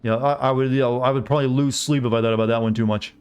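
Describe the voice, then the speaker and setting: A man's voice: medium pitch, fairly even intonation, racing, darkish tone, clean tone. A man with a Southern US accent chatting casually while he streams a game, rambling as he answers his chat. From Southern United States.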